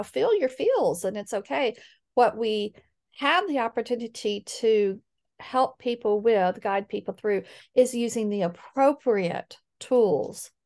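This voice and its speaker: A middle-aged woman speaking as a guest in a conversational interview, earnest and animated when she quotes others. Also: medium pitch, creaky. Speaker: guest, healing coach.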